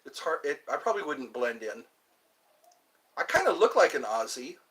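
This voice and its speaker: Very animated at normal speed, this medium-pitched, slightly bright man chats on his own channel. His vlog talk wanders from topic to topic, and he slips into playful voices along the way.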